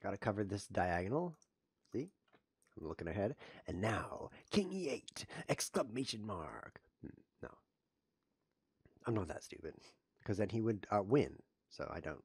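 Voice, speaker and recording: Lively, self-mocking male chess streamer. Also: fairly low pitch, breathy edge, dry recording, studio quality. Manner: self-mocking deadpan jokes with sudden yelps over blunders. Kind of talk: live-stream commentary while playing.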